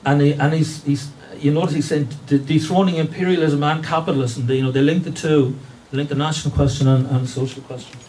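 A man's voice: fairly high pitch, fairly even intonation, fast talker, few pauses, a little mellow. A man giving a history lecture, hesitant, with many fillers and restarts. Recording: distant mic with faint room noise.

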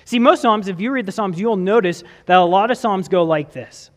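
A man's voice: high-pitched, normal speed, big-room sound. A male pastor delivering a sermon in a church, asking his listeners questions and reading scripture aloud. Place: church sanctuary.

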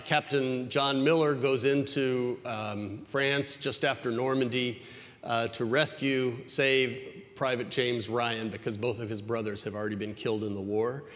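A male pastor giving a conversational sermon that climbs higher in pitch when he stresses a point. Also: fairly even intonation, moderate pace. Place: church sanctuary. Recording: church hall with long reverb.

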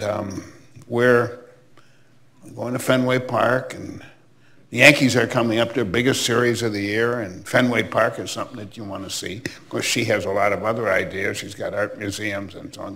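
In a fairly low, gravelly voice at normal speed, an older former baseball commissioner from Milwaukee tells anecdotes during an interview. His warm reminiscing is full of chatty asides.

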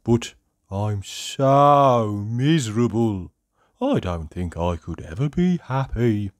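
A storybook reader voicing Mr Miserable, a gloomy little man who talks in a slow, mopey, sniffly way. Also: mid-range voice, darkish tone, smooth, no room sound, studio quality. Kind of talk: storybook read-aloud.

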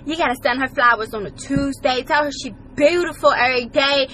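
A woman's voice: high-pitched, fairly quick, hardly any pauses, sharp tone, slight background noise, rough recording. A woman comedy vlogger ranting in a brash, profane way from inside her car, swinging into exaggerated voices.

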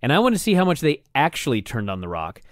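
A man's voice: medium pitch, huge pitch swings, no echo, studio quality. A man co-hosting a podcast, musing and arguing his points about old wrestling in casual chat. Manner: musing, argumentative, quick to react. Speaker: podcast co-host.

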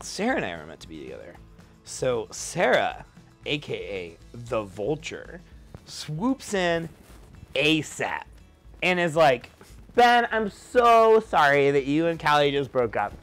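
A drunk young man telling a rambling story, jumping into loud high-pitched quotes. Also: huge pitch swings, takes it slowly, faint music behind. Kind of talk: tipsy rambling anecdote.

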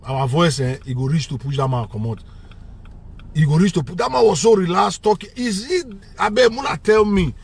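This man, a vlogger, has a husky voice that sits on the high side. His Nigerian Pidgin English accent carries a passionate, repetitive political tirade that swings between Pidgin and English.

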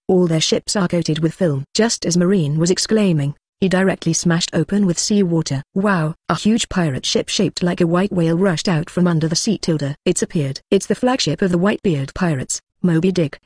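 A synthetic text-to-speech voice reading a novel aloud as an audiobook narrator, flatly reading out punctuation marks. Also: mid-range voice, husky, dry recording, clean studio sound.

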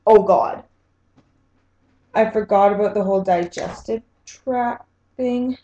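A woman's voice: medium pitch, unhurried, long pauses, warm tone. A young woman in a casual vlog, squeamish and self-mocking as she talks to the camera. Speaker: vlogger. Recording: echoey room.

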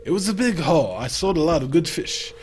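A man's voice: a little high, big pitch swings, brisk, a little mellow, slight background noise, voice pushed up. A man doing a jolly old sea-dog shopkeeper.

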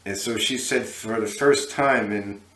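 A man's voice: on the low side, a little slow, sharp tone, reverberant. A man hosting a history channel, telling a story casually to the camera with many fillers and restarts.

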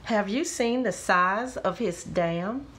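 A woman's voice: medium pitch, slow pace, a bit bright. A woman voicing a grumpy complaining duck. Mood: annoyed. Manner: groaning, complaining.

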